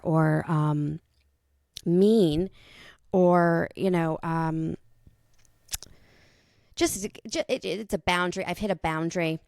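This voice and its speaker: A woman in her thirties hosting a podcast, thinking out loud in a rambling, casual monologue with the odd swear. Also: lowish voice, vocal fry, no echo, clean studio sound. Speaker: podcast host.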